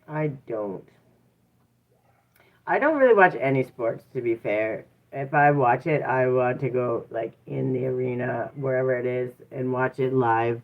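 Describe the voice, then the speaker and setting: A woman's voice: extremely low pitch, a little slow, a little hiss or hum. A woman hosting a casual live stream, chatting with viewers and laughing often. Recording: tinny phone-like audio.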